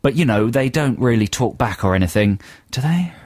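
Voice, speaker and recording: A man's voice: mid-range voice, lively intonation, brisk, a little mellow, no echo. A man hosting a radio show, chatting casually with dry, wry humour. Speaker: radio host. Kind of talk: casual on-air banter. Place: radio studio. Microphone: studio microphone.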